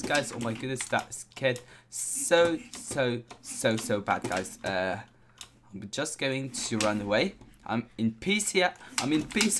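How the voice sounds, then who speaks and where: A man giving excitable let's-play commentary on a video game, constantly exclaiming and talking to his viewers. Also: medium pitch, slight background noise. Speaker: gameplay commentator.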